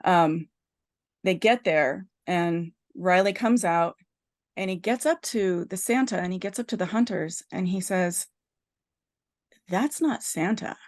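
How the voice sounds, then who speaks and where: Woman excitedly retelling a film plot. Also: on the low side, unhurried. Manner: animated storyteller, lots of "like" and restarts. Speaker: podcast host.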